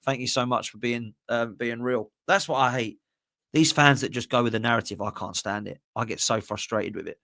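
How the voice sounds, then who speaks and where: A man's voice: mid-range voice, brisk, vocal fry, sharp tone, no echo, clean studio sound. A man, hosting a live fan podcast and ranting passionately while reading out viewer messages. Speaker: podcast host. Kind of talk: live-stream fan rant, reading super chats.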